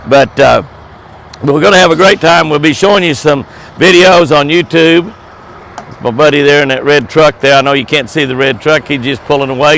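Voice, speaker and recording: A man's voice: fairly high pitch, a bit bright, slight background noise. An older man, hosting a folksy, chatty outdoor video chat beside his truck. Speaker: host.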